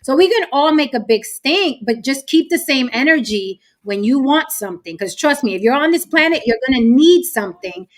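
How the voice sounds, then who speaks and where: A woman hosts a live-streamed talk show with a somewhat high voice. She argues her points with emphasis and reads viewer comments aloud. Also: expressive, normal speed, hardly any pauses. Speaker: host.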